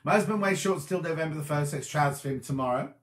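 A man's voice: fairly high pitch, fast talker. Tired chatty man, echoey room. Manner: chatty, rambling, reads comments aloud and answers them. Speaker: host. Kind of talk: casual live-stream chat reading viewer comments.

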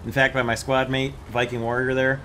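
Guy narrating his tank game, bright clear tone, chill explainer vibe, faint noise behind. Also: mid-range voice, level tone, a little fast. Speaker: gaming channel host. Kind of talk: gameplay commentary and squad voice chat.

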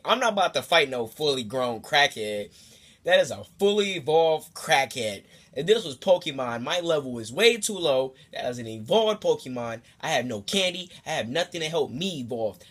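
Young man, husky voice, casual storytime vlog, profane, rambling asides, animated. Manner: animated, swings into high squeaky voices for quoted people. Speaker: storytime vlogger.

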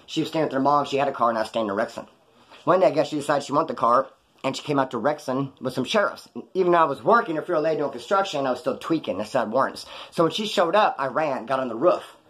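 A man's voice: mid-range voice, lively intonation, quick pace, a bit bright. A man telling stories from his past in a casual, rambling, slangy way. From California, USA. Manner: rambling, slangy, acts out quoted voices. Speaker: storyteller recounting his past. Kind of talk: casual storytelling on a live stream.

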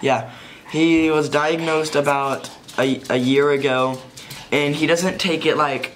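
A teenage boy vlogs casually into a handheld camera, partly outdoors in the wind, rambling and circling back with "anyways" between thoughts. His voice is a little high and a bit bright, slow and steady in tone. The audio is poor, with slight background noise.

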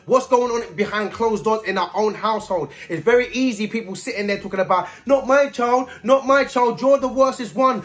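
A man's voice: high-pitched, a bit bright. A man giving a blunt, scolding video commentary full of street slang.

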